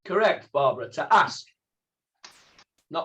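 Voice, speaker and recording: A man's voice: on the high side, lively intonation, a little slow. A middle-aged man, a rabbi teaching an informal Bible class, who explains Hebrew words step by step and asks the class questions. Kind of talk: informal text study class.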